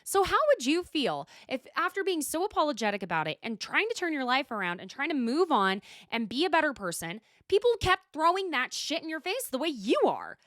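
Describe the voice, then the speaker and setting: Animated, profane woman podcast host. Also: high voice, a little fast, few pauses, no echo, studio quality. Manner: blunt, profane and exasperated, talking straight to the people she discusses. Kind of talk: casual solo recap chat.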